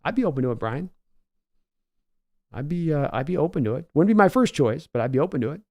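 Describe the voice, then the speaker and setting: A man's voice: a little high, lively intonation, fast talker, darkish tone, no room sound, studio quality. A man hosting a casual livestream, chatting loosely and answering viewers' comments by name. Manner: rambling, conversational, reads out viewer names. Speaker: host.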